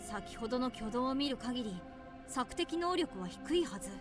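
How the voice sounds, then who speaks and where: A woman's voice: sits high, expressive, quick pace. A woman voicing a polite, formal young male tech expert in a game, with game music behind.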